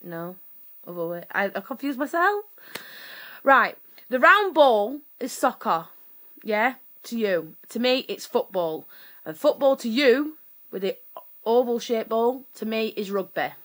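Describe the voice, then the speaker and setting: A woman's voice: a little high, animated, unhurried, fairly bright tone. A woman, from Sheffield, telling a personal story to camera in a rambling, chatty way full of fillers and self-corrections. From Sheffield, England. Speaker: vlogger.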